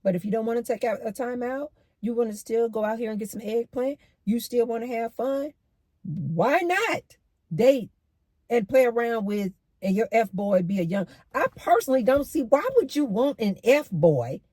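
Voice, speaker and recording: A middle-aged woman spins a story in animated, emphatic commentary, leaning on her points and repeating them. Her voice is warm and slightly husky, recorded close and dry. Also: fairly high pitch, moderate pace, dry recording. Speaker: host.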